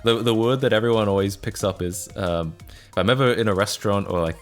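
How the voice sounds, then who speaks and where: A man's voice: fairly low pitch, a little fast, faint music behind. Tired Australian man chatting on stream. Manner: rambling, laughing often, many restarts and fillers. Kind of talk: casual live-stream chat.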